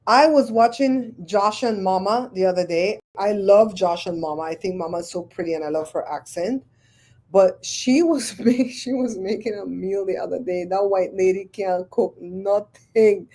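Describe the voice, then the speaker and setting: A woman, hosting a livestream and chatting with viewers, telling stories in an animated, exclaiming way. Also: mid-range voice, normal speed. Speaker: livestream host. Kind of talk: casual chat with live viewers.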